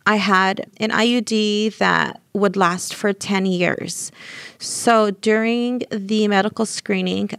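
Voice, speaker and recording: A young adult woman telling her own story in an interview, getting animated when she acts out scenes. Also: mid-range voice, takes it slowly, vocal fry, smooth, no echo, studio quality. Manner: animated, voices rise when reenacting scenes.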